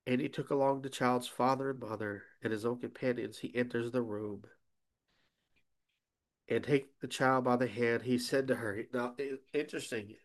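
A man preaching a sermon as a pastor, emphatic, often checking in with "okay?", and swinging between loud emphasis and quiet asides. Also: mid-range voice, steady tone, moderate pace.

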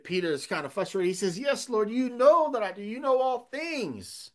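A man pastor preaching a sermon, earnest and emphatic, asking rhetorical questions. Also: high-pitched.

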